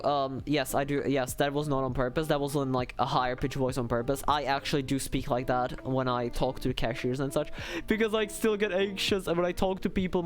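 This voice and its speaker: A young man chatting casually on a livestream, rambling and self-deprecating with lots of fillers. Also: on the high side. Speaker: streamer.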